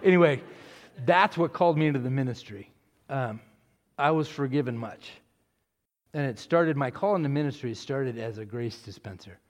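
A middle-aged pastor tells his story with many restarts and stumbles. At times he rises into loud, passionate preaching. His voice carries the long reverb of a church hall. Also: mid-range voice, lively intonation, moderate pace. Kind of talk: testimony answering a question, church talk.

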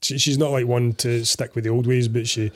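A Scottish man co-hosting a casual film podcast, explaining his views in a measured, hesitant way. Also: medium pitch, flat delivery. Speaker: podcast co-host.

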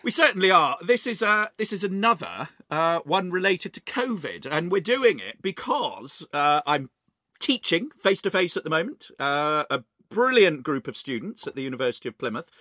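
A man with a bright, forceful voice that swoops up and down as he talks. He co-hosts a history podcast from his home study, and his playful, enthusiastic delivery is captured close and dry with no room sound. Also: fairly high pitch, moderate pace, no echo. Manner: animated, playful, lively storytelling. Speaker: history professor and podcast co-host. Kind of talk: enthusiastic conversational podcast talk. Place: home study or shed, recording remotely.

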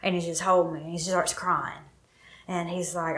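A woman's voice: deep voice, level tone, brisk, a bit bright. A middle-aged woman tells her own story with emotion, acting out what was said to her. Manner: emotional, vivid retelling with quoted dialogue. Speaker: guest telling her story. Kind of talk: personal storytelling. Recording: roomy echo.

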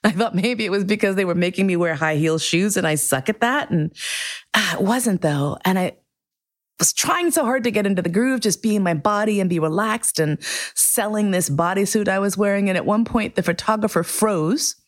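A middle-aged woman hosting a podcast, telling a candid, profane personal story with lively acted-out quotes. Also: mid-range voice, moderate pace. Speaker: podcast host.

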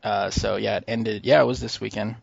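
A man's voice: on the low side, steady tone, brisk, vocal fry, husky, dry recording, dull audio. A man hosting a podcast in a casual, laid-back chat, laughing easily. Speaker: podcast host.

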